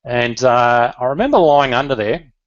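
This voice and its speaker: A man's voice: mid-range voice, expressive, moderate pace, no echo, dull audio. A middle-aged Australian man telling his life story in an earnest, emotional way, with fillers and restarts. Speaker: business leader.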